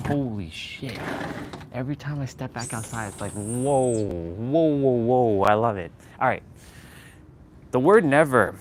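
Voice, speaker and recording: A man's voice: mid-range voice, slight background noise. A man live-streaming from his phone while walking outdoors, chatting casually and laughing often as he talks to his viewers. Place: outdoors on a street. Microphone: phone on a gimbal.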